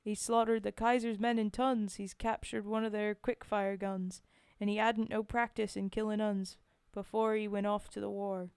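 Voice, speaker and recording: A woman voicing a plucky Cockney wartime woman in a dramatic poetry reading, with a rough put-on accent. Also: medium pitch, level tone, normal speed, few pauses, a little mellow, dry recording, studio quality, close to an everyday voice. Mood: storytelling. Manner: rough, self-admittedly shaky accent in a sing-song reading.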